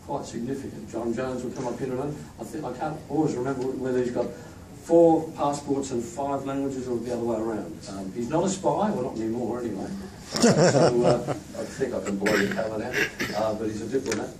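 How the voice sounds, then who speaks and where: At a staff event, a man leading an institute introduces team members to a crowd in a chatty, joking speech. He speaks at a medium pitch, fairly quickly and with few pauses. The echoey room is recorded through a distant mic amid crowd noise.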